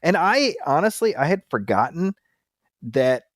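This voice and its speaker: A man co-hosting a casual film podcast, dropping wry deadpan jokes and stumbling over restarts as he thinks aloud. His pitch moves around a lot, and the sound is close and dry with no room around it. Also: a little slow, no room sound. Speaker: podcast co-host.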